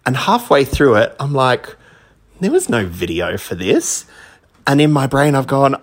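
A man's voice: medium pitch, huge pitch swings, moderate pace. A man from Australia, a DJ, telling a self-deprecating anecdote in a chatty recorded message. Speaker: DJ sending in a story.

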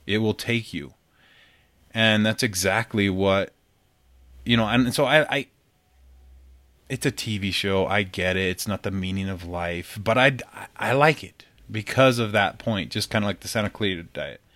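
Man podcast co-host, lowish voice, earnest, halting, dry close sound. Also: fairly bright tone, dry recording. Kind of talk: casual chat.

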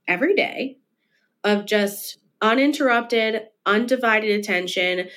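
A woman clinical psychologist, a podcast guest, explaining her work in a conversational way and stretching out the words she wants to stress. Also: mid-range voice. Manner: explanatory, with stretched emphasis on key points. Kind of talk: conversational interview.

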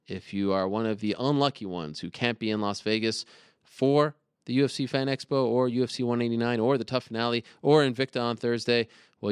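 A man's voice: lowish voice, clear, resonant tone, dry recording, clean studio sound. A man in his thirties hosting an interview show, speaking earnestly to his guest and then announcing upcoming events. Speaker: host. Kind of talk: interview and show host talk.

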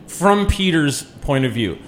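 A man's voice: a little high, very animated, measured pace, slight background noise. A man in his thirties hosting a podcast, asking teasing questions in casual chat. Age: 30s. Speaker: podcast host. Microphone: studio microphone.

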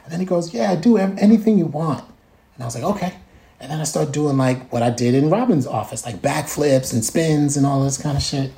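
Guy telling a story, really animated, jumps way up in pitch when he quotes people. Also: brisk. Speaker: guest. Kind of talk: casual storytelling.

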